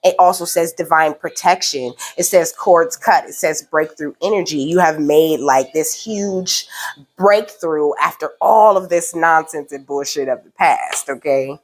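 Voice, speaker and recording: Woman, spiritual card reader, casual and slangy, laughs a lot, slightly low voice. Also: measured pace. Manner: animated, laughing often, slangy and emphatic. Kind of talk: casual spiritual reading to viewers.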